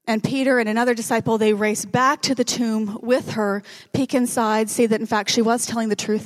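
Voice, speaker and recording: A woman's voice: mid-range voice, fairly even intonation, a little fast. A woman preaching a sermon in a conversational, joking manner, dropping to a whisper at dramatic moments.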